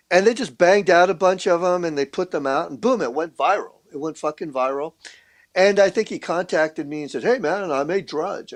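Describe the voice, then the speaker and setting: A man guesting on a podcast, telling a story in casual, profane talk, full of restarts and acted-out quotes of other people. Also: a little high. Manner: profane, rambling, with repeated restarts. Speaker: podcast guest, street artist.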